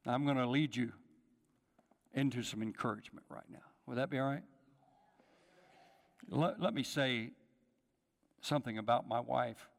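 Speaking at a moderate pace in a creaky, mid-range voice, the pastor pauses often as he preaches, calling out to his congregation and acting out voices from the story. Long hall reverb lingers on the recording.

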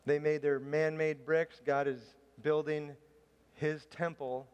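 A man's voice: on the high side, level tone, takes it slowly, clean tone. A man preaching a sermon to a room, mixing a chatty, self-deprecating personal story with scripture. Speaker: pastor. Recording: long hall reverb.

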